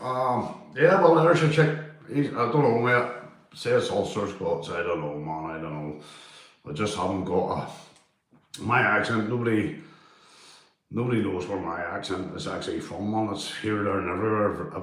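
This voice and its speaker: A man's voice: lowish voice, moderate pace, very echoey. A man chatting casually with stream viewers, rambling and swearing, with local slang. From Northern Ireland. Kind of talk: casual live-stream chat.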